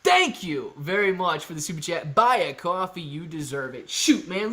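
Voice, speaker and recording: A man's voice: high voice, very animated, normal speed, hardly any pauses, pushed and bright. Upbeat man hosting a stock stream. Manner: upbeat, reads viewer comments aloud. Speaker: stock live-stream host. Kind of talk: casual live-stream chat.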